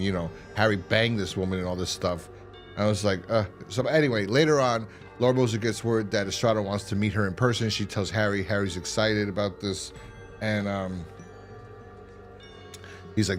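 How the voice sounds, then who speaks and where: Low-voiced man recapping a show casually. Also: fairly even intonation, soft background music. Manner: rambling, profane, acts out characters' lines in quick voices. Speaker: podcast host reviewing a TV series.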